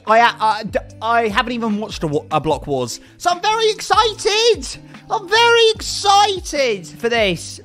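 A young man chatting on a live stream, excitable and hyped, often repeating himself. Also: high voice. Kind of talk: casual live-stream chat.

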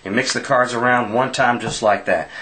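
A man's voice: mid-range voice, steady tone, normal speed, pushed and bright. Folksy man telling a card-trick story. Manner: folksy slang, stammers and restarts. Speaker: amateur magician. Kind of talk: casual storytelling while doing a card trick.

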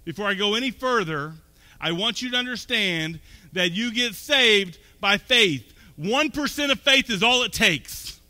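A man's voice: high-pitched, animated, unhurried, bright, forceful tone. A man preaching a sermon as pastor, talking conversationally and then building up to emphatic peaks. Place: church sanctuary. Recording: long hall reverb.

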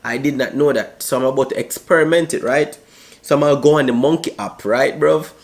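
A man's voice: medium pitch, a little fast. A young man with a Jamaican accent chatting casually and joking in slangy banter as a YouTuber. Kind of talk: casual vlog chat.

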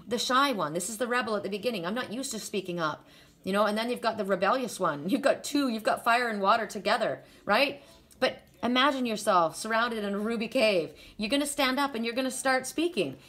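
A woman's voice: on the high side, a bit bright. A woman reading oracle cards in a casual spiritual chat, laughing easily and talking straight to the viewer. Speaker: oracle card reader.

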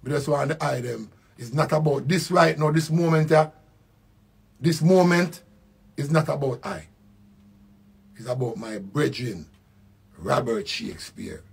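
An older man with a Jamaican accent giving a slow, reflective spoken tribute, repeating his phrases. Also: mid-range voice, lively intonation, creaky, breathy edge. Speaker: musician.

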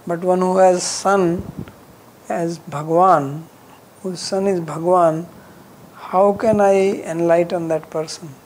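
A man teaching scripture, reciting verses in Sanskrit before explaining them in plain, measured English. His phrases often trail off softly, and he restarts sentences as he works through an idea. A faint, steady noise sits under the recording. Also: high-pitched, poor audio. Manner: drops softer at phrase ends, with frequent restarts.

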